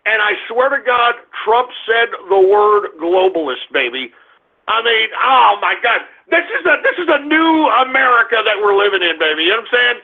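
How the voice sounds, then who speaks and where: A man's voice: sits high, expressive, moderate pace. A man hosting a radio talk show, ranting in a crude, rambling, combative way and repeating himself. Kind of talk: opinionated solo radio rant. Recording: phone-like narrow band audio.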